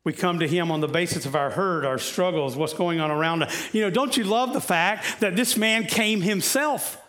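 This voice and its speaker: A man's voice: high voice, normal speed, a bit bright. A man preaching a conversational sermon, often asking the congregation questions, with frequent "uh"s and restarts.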